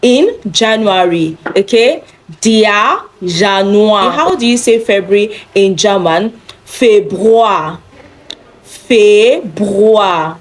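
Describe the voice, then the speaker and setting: Woman teacher for a beginner lesson, speaks slowly and repeats every word. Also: medium pitch, animated. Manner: slow, repeats each word several times for practice. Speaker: German teacher.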